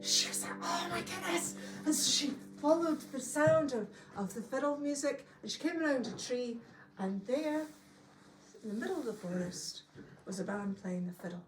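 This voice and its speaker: A woman telling a folk tale to a live audience, lively and laughing often as she acts out the voices. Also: high voice, normal speed, music in the background. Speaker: storyteller. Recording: roomy, from a distance, faint ambience.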